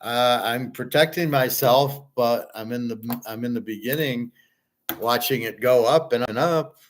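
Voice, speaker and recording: A man's voice: medium pitch, a little slow, a little hiss or hum. Rambling blunt male commentator. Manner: rambling, blunt, joking asides. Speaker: host commentating on a played video. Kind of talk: casual commentary.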